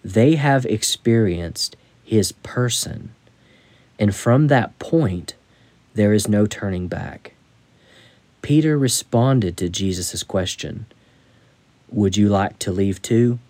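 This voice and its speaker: Guy reading his own devotional book real slow, lowish mellow voice, dry close sound. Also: animated, no room sound. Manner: slow, measured, deliberate reading.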